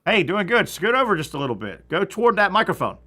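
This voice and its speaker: A man's voice: sits high, big pitch swings, quick pace, pushed and bright, slight background noise. Chatty Southern man hosting sports radio. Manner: chatty, joking, frequent restarts. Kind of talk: casual sports talk.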